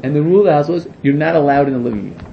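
A man teaching a Torah lesson to a class, excitable and full of rhetorical questions, often correcting himself mid-sentence. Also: fairly high pitch, racing, creaky, dull audio, a little hiss or hum.

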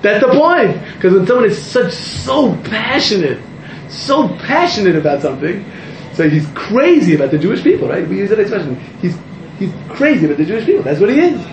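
A man, a rabbi, giving an animated, rambling sermon to a live audience, interrupting himself and rising to near-shouts. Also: sits high, brisk, background noise. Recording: echoey room, muffled sound.

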